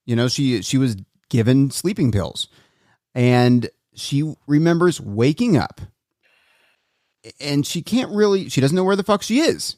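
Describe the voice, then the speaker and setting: A man co-hosting a podcast, recapping a documentary in casual chat with animated storytelling. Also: mid-range voice, a little slow, dry recording, studio quality. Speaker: podcast co-host.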